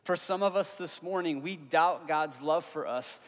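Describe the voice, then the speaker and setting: A young man preaching a sermon as pastor, earnest and conversational, pausing for emphasis on key words. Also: fairly high pitch. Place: church hall. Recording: long reverb of a hall.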